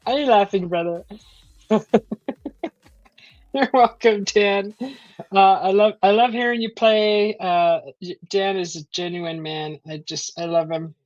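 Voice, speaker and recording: A woman's voice: mid-range voice, slow, pauses often, darkish tone, no room sound. A woman hosting a casual live stream from home, reading out chat messages and rambling with many fillers and restarts. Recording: dull lo-fi stream audio.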